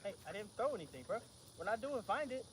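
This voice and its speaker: A man's voice: sits high, fast. Easygoing man training a dog outdoors. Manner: relaxed, slangy, talks calmly to the dog. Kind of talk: casual training demonstration. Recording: outdoor recording with clear background noise.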